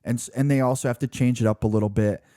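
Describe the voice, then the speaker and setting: Podcast co-host, male, mid-pitched and mellow, loose rambling delivery. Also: fairly even intonation, fast talker, no echo, clean studio sound. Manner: rambling, restarts often, says "like" and "you know". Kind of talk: casual film discussion.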